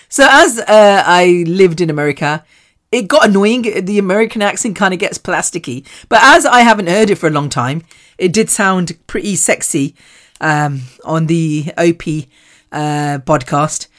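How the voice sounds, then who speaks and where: Chatty British woman with a low voice. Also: lively intonation, unhurried. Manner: chatty, rambling and self-mocking, swears casually. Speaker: podcast host. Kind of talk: candid solo podcast monologue.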